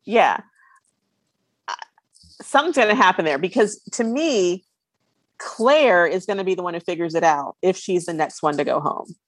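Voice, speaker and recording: A woman's voice: fairly low pitch, lively intonation, normal speed, pauses often, no echo. A woman chatting on a podcast panel, restarting her sentences as she searches for words. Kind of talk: casual podcast chat.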